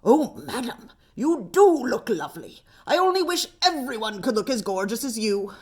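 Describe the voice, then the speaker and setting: A woman voicing a usually quiet male sheep shearer who exclaims and gushes. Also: fairly high pitch, big pitch swings, normal speed. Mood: gushing. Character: quiet gruff male shearer turned fawning stylist.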